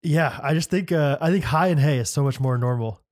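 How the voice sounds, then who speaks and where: A man's voice: a little high, a little fast, a little mellow. A young man co-hosting a podcast in casual chat, teasing and acting out mock voices. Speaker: podcast co-host.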